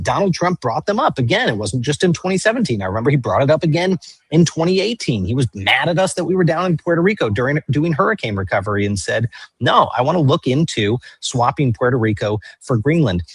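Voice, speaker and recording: Husky male political show host. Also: fairly high pitch, no echo. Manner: stammering restarts, storytelling.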